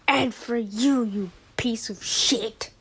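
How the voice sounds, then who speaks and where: A woman voicing a furious, foul-mouthed schoolteacher who yells and threatens her class. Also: a little high, slow, husky, heavily acted. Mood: raging. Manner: yelling, swearing, threatening.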